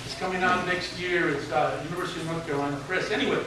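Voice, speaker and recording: A man in his seventies with a high voice spins a humorous, folksy story for a room full of students. He sounds far from the mic in a very echoey hall. Clear background noise sits under his voice. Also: steady tone, very fast, pushed and bright. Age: 70s. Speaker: retired teacher giving a speech. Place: large hall with an audience.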